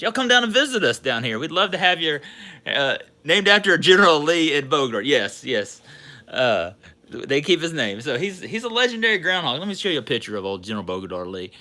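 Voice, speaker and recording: A Southern man with a very bright, sharp-edged voice chats loosely to his livestream viewers. He rambles from one thing to the next in a folksy, excitable way, often jumping up in pitch when something thrills him. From Georgia, US. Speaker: sports card channel host. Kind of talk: casual livestream chat.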